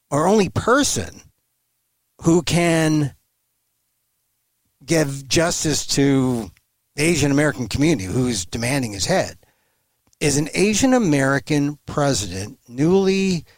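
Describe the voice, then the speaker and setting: This guest commentator joins the interview remotely, his animated pitch leaping as he presses his arguments and keeps restarting phrases. The recording is close-miked and dry.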